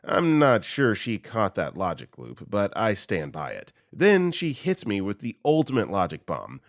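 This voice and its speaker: A man with a low-pitched voice reads online stories aloud, swinging his pitch widely as he plays up the sarcasm. The sound is dry and close, with no room around it. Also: normal speed, no room sound. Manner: animated, sarcastic storytelling. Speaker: story narrator.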